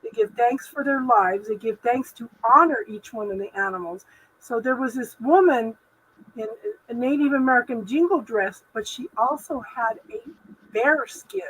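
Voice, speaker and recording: A woman hosting a live spiritual chat from home, her voice bright and forward. She rambles through advice in a loose, filler-heavy way, and a faint hum of room ambience sits behind her. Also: a little high, lively intonation, normal speed, low-quality recording. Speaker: host.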